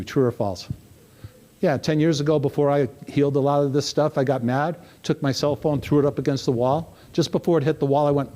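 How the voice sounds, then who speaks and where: A middle-aged man giving a live motivational keynote, telling stories animatedly and asking the audience questions. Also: on the high side. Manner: animated storytelling, asks the crowd questions. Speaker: motivational speaker.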